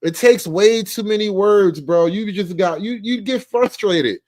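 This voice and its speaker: A man hosting a comedy commentary show, profane and mocking, stretching out names slowly. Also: high voice, darkish tone.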